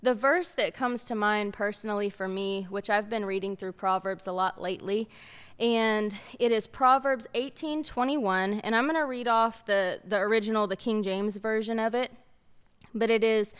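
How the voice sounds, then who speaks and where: Earnest woman, smooth voice. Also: medium pitch, steady tone, moderate pace. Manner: earnest, storytelling, repeats for emphasis. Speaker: podcast co-host. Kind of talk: casual faith-based chat.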